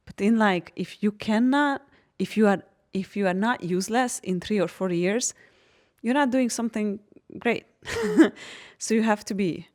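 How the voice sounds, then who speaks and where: A woman from Hungary, telling personal stories in a casual podcast chat, animated and laughing often. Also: mid-range voice, moderate pace. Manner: animated storytelling, laughs often, frank and expressive.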